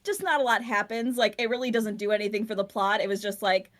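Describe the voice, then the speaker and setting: A woman co-hosting a casual podcast chat, animated and profane, often laughing as she talks. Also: medium pitch, quick pace. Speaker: podcast co-host.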